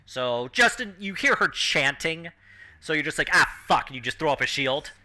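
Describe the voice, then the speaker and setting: A man narrating as game master of a tabletop game, acting out the crowd and announcer in an animated way. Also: a little high, normal speed.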